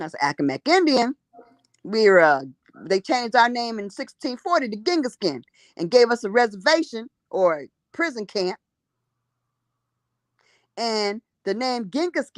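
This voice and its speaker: A woman's voice: a little high, no room sound. A woman telling a story in casual conversation, emphatic and blunt, often repeating herself.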